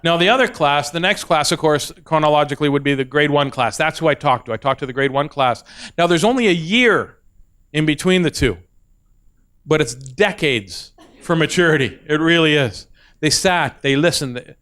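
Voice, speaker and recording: A man telling a stand-up story on stage, animated and acting out voices. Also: on the high side. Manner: animated, acts out voices, quick asides. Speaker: comedian.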